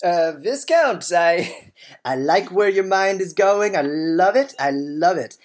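A woman playing a pompous, self-important male billionaire boss in an improvised comedy sketch, drawling and halting. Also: fairly low pitch, expressive. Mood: schmoozing. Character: pompous billionaire boss, man, middle-aged.

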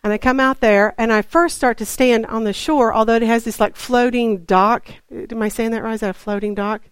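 A woman's voice: a little high, steady tone, moderate pace, clear, resonant tone, no room sound. A woman preaching in a chatty storytelling way, acting out her talks with God. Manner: chatty, acts out dialogue with God. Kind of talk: storytelling sermon.

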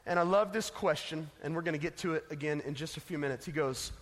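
A man's voice: fairly high pitch, fast, few pauses. A man preaching a casual, emphatic sermon to teenagers as a youth pastor, telling a story, in an echoey hall.

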